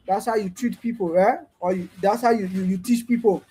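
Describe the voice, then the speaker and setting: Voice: medium pitch, fairly even intonation, brisk, few pauses, mellow, breathy edge, poor audio. A panelist in an online discussion over a remote call, talking in a discursive way and repeatedly checking in with "right?". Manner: discursive, keeps adding "right?". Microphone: remote streaming call.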